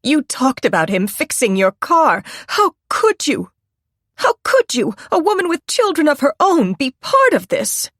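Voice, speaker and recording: A woman's voice: high-pitched, huge pitch swings, unhurried, fairly bright tone, dry recording, studio quality, voice pushed up, exaggerated voice. A woman narrator voicing a distraught woman who tearfully accuses a suspect. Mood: tearful outrage.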